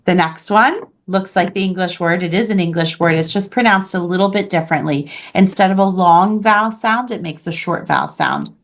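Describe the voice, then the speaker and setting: A woman's voice: lowish voice, normal speed, few pauses. A woman teaching a beginners' French class online, patiently modeling each word for her students. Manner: patient, clear modeling of pronunciation.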